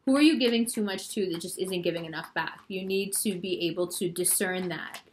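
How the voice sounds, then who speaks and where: A woman's voice: fairly low pitch, brisk, slight background noise. Chatty woman giving a tarot reading. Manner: chatty and rambling, heavy use of "like"; playful, teasing. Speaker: tarot reader. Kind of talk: casual astrology reading.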